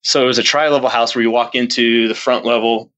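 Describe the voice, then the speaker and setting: A man telling a personal story as a podcast guest, earnest and rambling, with many restarts, jumping up in pitch when he acts out his own past lines. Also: fairly even intonation, fast, a bit bright, no echo, dull audio. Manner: earnest, rambling retelling with frequent restarts and fillers. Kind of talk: casual storytelling in an interview.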